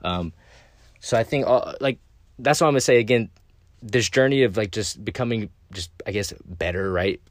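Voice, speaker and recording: A podcast host with a fairly low voice delivers a loose, unscripted casual monologue on his own show at a moderate pace. He's blunt, swears a lot, and keeps leaning on "right?" and "again." The sound is dry and close, with no echo.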